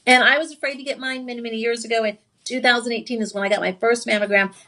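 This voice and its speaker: In a TV shopping studio, a woman sells jewelry live, excitable and chatty, sharing personal stories and tossing sassy asides to viewers. Her voice is a little high and she talks at a racing pace.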